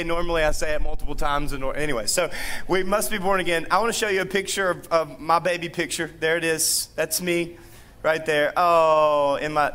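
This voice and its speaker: A man's voice: on the high side, pushed and bright, slight background noise. A man in his thirties preaching a sermon in a playful, joking way, acting out quotes as he tells stories. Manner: playful, jokey storytelling with acted-out quotes.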